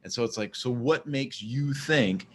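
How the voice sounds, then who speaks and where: A man's voice: mid-range voice, a little slow. Rambling man with faint background hiss. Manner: rambling, repeats words when starting sentences. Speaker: vlogger. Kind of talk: casual monologue.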